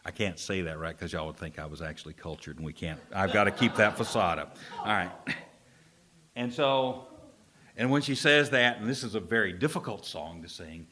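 A male pastor preaching a sermon in church. He tells the story with jokes and swings between loud and hushed delivery. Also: low-pitched, moderate pace, crowd noise. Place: church service.

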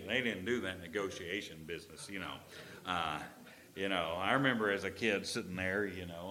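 A middle-aged male pastor preaching a sermon, swinging from loud drawn-out proclamations to low, chatty storytelling.

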